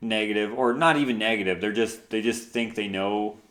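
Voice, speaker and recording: A man's voice: on the low side, fairly even intonation, fairly quick, a bit bright, roomy sound. A man co-hosting a podcast in casual chat, easygoing and talking in long run-on thoughts. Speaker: co-host.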